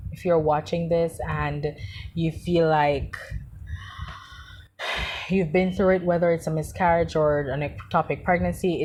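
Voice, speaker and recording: A woman's voice: on the low side, darkish tone. A woman vlogger speaking heartfelt and emotional in a personal monologue, grieving and tearful, often repeating herself.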